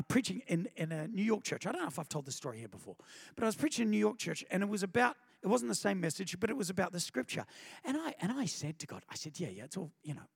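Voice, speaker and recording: Male pastor, high gravelly voice, lively sermon storytelling, long hall echo. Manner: animated storytelling, pitch leaps high in dramatic moments.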